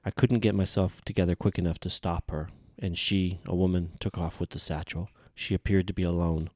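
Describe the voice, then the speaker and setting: A man's voice: low-pitched, fairly even intonation, a little fast, darkish tone, dry recording, studio quality. A man reading a storybook voices an evasive, deferential male soldier who speaks hesitantly to his superior. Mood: apologetic.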